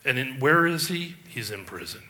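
Male preacher with a bright, forceful voice; emphatic sermon delivery with restarts. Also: mid-range voice, animated, normal speed. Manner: emphatic, rhetorical questions, frequent restarts. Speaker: pastor.

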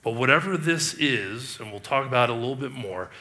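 A man's voice: mid-range voice, lively intonation, brisk, bright, forceful tone. A male pastor delivering a sermon, emphatic and full of rhetorical questions, often restarting his sentences.

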